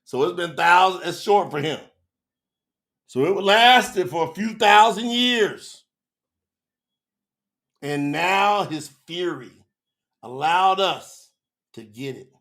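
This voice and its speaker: A man with a high, gravelly voice teaches scripture live. He preaches with fervour and keeps calling out to the people in his chat. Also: lively intonation, takes it slowly, pauses often, a bit bright. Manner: fervent, preacherly, talks to the chat. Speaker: Bible teacher on a live stream.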